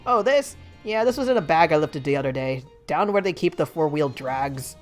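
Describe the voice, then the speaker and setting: A woman's voice: low-pitched, expressive, normal speed, faint music behind. A woman voicing a cheeky teenage girl pickpocket in a game, brash and full of street slang. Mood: proud.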